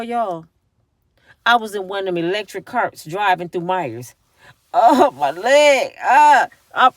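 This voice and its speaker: A woman's voice: mid-range voice, no room sound. A middle-aged woman talking straight to her viewers in a casual vlog, emphatic and tired, from a parked car. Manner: emphatic, talks directly to viewers. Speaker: vlogger.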